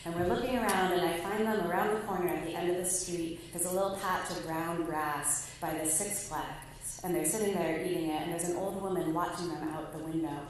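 A woman's voice: fairly quick, few pauses, slight background noise. Woman telling a story in an echoey hall. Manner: wry, animated, acts out voices in a high tone. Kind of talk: live personal storytelling. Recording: echoey hall, mic at a distance.

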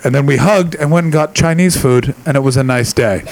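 Gravelly stand-up comic working a crowd. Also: male voice, mid-range voice, a little fast, poor audio. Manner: gravelly, shouts impressions of angry people. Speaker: stand-up comedian. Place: live comedy venue.

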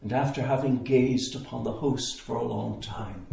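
A man preaching a sermon as a priest, in a slow, contemplative way with long pauses. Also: mid-range voice, gravelly, darkish tone, slight background noise. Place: church. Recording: echoey church interior.

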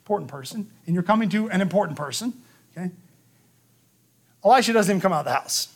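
A man preaching a sermon, telling the story lively and acting out the quotes, with a frequent "okay?" to the room. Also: high voice, fast talker. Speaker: pastor.

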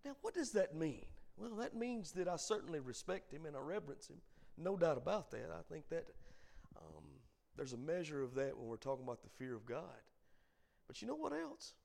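Pastor guy preaching at bible study, bit high voice, lilt, goes quiet then really loud. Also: big pitch swings, moderate pace, vocal fry. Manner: swings from hushed asides to loud emphatic preaching. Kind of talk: sermon.

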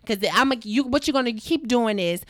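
A woman's voice: on the high side, lively intonation, fairly quick, a bit bright, no echo, studio quality. A woman casually telling a story in a blunt, profane way, acting out the dialogue.

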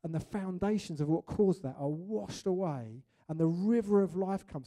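Animated preacher, mellow voice. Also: male voice, high-pitched, moderate pace. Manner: animated, acts out little scenes and voices. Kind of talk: sermon.

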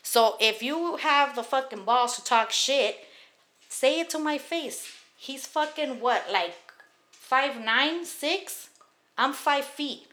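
Bright, fiery-voiced woman in her thirties. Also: high-pitched, slow pace. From Los Angeles. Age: 30s. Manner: profane, heated storytelling. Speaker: podcast host. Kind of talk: casual podcast chat.

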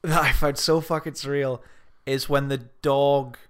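A man's voice: mid-range voice, level tone, measured pace, fairly bright tone, clean tone. A man co-hosting a casual film podcast, swearing freely and reading comments aloud with amused relish. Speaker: podcast co-host. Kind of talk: casual film review chat.

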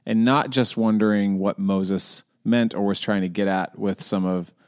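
A man with a low voice co-hosts a podcast in casual chat. He talks loosely and playfully and laughs easily. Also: steady tone, measured pace, clean tone. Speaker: podcast co-host.

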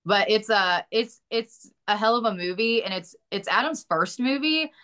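A woman's voice: medium pitch, animated, normal speed, bright, forceful tone. A woman with a Southern US accent, an actress chatting casually in an interview, laughing often and swearing lightly. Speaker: actress guest.

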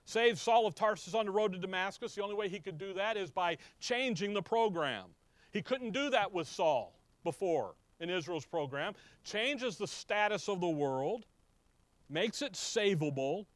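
A man with a fairly high voice preaches a Bible sermon, asking question after question and answering it himself. He stretches key words out slowly and swings between loud, punchy bursts and low, quiet asides. The sound is close and dry. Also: animated, no room sound. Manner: asks the congregation questions and answers them himself; slows down heavily on key words.

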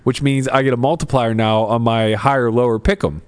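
A man's voice: mid-range voice, steady tone, brisk, clean tone. A man co-hosting a casual sports-betting podcast, joking around, swearing and laughing a lot. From Pittsburgh area. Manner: joking, profane, laughs often. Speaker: podcast co-host. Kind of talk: casual chat.

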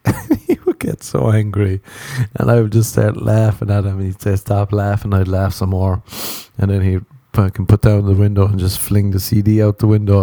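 A man tells a rambling story in casual conversation, swearing freely and laughing at his own tale. His voice sits a little low with a warm, relaxed tone. The recording is close and dry. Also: no echo. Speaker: comedian.

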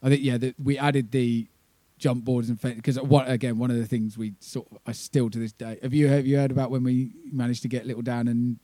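A man's voice: mid-range voice, little pitch movement, fairly quick, few pauses, dark tone, no echo. A man telling a rambling, swearing tour story with laughs in casual chat. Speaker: touring band member.

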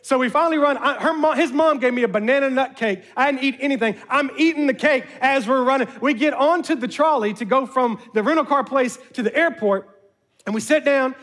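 A man telling a personal story in a lively way, often turning to ask his listeners if they follow him. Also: extremely high pitch, a little fast. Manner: lively, addresses listeners directly.

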